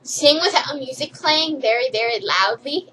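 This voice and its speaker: A woman's voice: high voice, lively intonation, moderate pace, fairly bright tone, a little hiss or hum, rough recording. A young woman vlogger rambling playfully and giggling through a silly list. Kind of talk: silly comedic list vlog.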